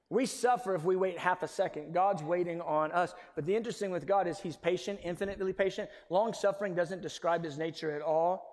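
A male pastor preaching a sermon in a church, animated, swinging between loud emphasis and near-whispers. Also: sits high, brisk, hardly any pauses. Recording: long reverb of a large hall.

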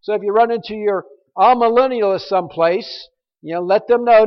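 A man's voice: sits high, fairly quick, clear, resonant tone. A man preaching a verse-by-verse sermon, emphatic and prone to repeating words as he stresses a point. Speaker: pastor. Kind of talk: expository sermon. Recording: muffled recording in a reverberant hall.

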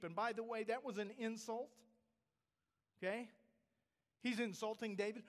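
A man's voice: high voice, steady tone, a little slow, pauses often, a bit bright. A man preaching a sermon, emphatic, asking the congregation rhetorical questions. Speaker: pastor.

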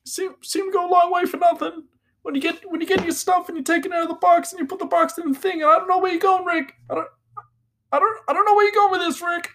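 A man voicing an anxious, stammering teenage cartoon boy, his voice pushed high and rushed. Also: steady tone, a bit bright, a little hiss or hum. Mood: flustered. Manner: stuttering, flustered, high-pitched.

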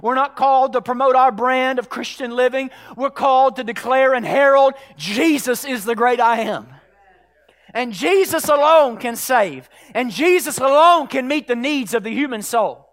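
High pitched guy preaching in church, goes quiet then yells. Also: moderate pace. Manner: swings from hushed lows to shouted climaxes. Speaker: pastor. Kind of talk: sermon. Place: church sanctuary.

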